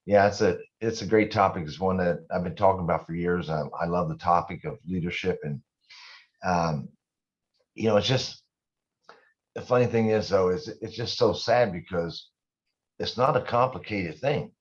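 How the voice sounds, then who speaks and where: A man's voice: low-pitched, steady tone, moderate pace, muffled recording. A man speaking as a guest in a casual interview, candid and rambling, often poking fun at himself. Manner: candid, rambling, self-deprecating. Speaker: guest business owner.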